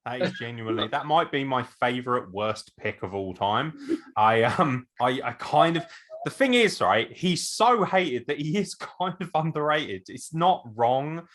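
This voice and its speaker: A man co-hosting a wrestling podcast, talking in a sweary, excitable way and laughing often. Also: medium pitch, measured pace. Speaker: podcast co-host. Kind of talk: casual chat.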